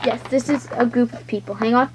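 A female speaker running a playful toy role-play video, giggly and chaotic, switching voices quickly. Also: on the high side, fairly even intonation. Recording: noisy home recording.

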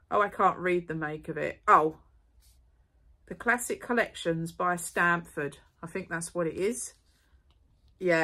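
A woman's voice: fairly low pitch, fairly bright tone. Chatty woman rambling through a haul. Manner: chatty, rambling, quick asides and apologies. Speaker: vlogger. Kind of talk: casual unboxing chat to camera.

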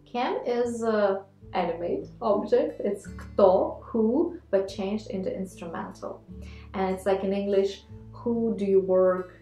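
A woman co-hosting a video language lesson, explaining clearly and repeating example phrases slowly. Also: mid-range voice, mellow. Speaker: language teacher co-host. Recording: echoey room with faint guitar music.

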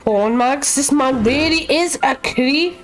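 A young woman talks through a horror game at an unhurried pace, with a high voice. She chats to herself and the game, swearing and shrieking at the scares. Faint game music plays behind her. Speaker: gaming YouTuber. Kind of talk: casual let's-play commentary.

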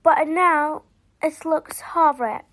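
A woman's voice: high-pitched, takes it slowly, fairly bright tone. A woman voicing a frightened, unhappy young boy in a children's storybook reading, sounding fretful and complaining.

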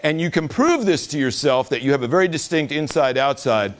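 A man's voice: on the high side, animated, fairly quick. A man giving a casual, joking talk to an audience at an event, laughing along with them. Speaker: speaker at a business event.

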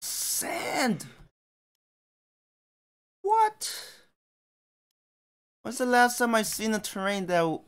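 A man's voice: a little high, a bit bright, smooth. A man streaming a game and thinking aloud in casual commentary. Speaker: gamer streamer.

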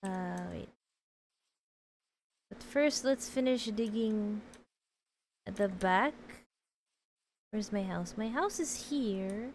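A woman's voice: mid-range voice, slow pace, long pauses, slight background noise, low-quality recording. A woman streaming a game, chatting casually, answering chat and laughing often.

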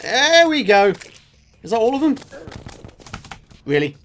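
A young man commentating his own gameplay, excitable and shouting at enemies as he fights. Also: very high voice, slow pace, slight background noise. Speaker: gaming YouTuber. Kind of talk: let's play commentary.

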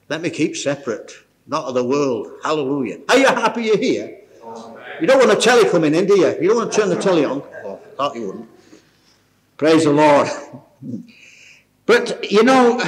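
Lively older preacher. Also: male voice, fairly high pitch. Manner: exclamatory, chuckling, folksy storyteller. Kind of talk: informal sermon. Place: church meeting.

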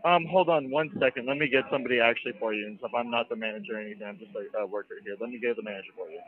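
A man's voice: mid-range voice, very fast, noisy background. Polite young-sounding man stalling on hold. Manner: polite, stalling, filler-heavy. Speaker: club worker answering the phone. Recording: tinny phone line.

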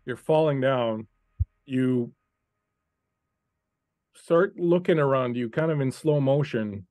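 A man running a tabletop game as game master, narrating scenes to a player in an unhurried, second-person way over an online call. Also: medium pitch, darkish tone, no echo, studio quality.

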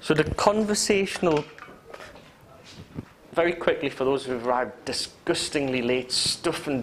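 A man's voice: mid-range voice, lively intonation, normal speed, slight background noise, rough recording. A man with a Geordie accent teaching hypnotherapy to a live class, joking and acting out example phrases. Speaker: hypnotherapy trainer. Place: training room with students.

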